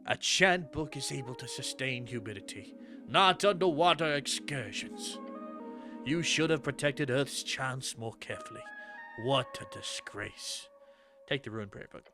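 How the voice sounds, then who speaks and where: A man playing a game demo who reads its narration aloud and breaks off into quick, dramatic reactions. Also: medium pitch, lively intonation, music in the background. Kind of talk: let's-play commentary, reading game text aloud.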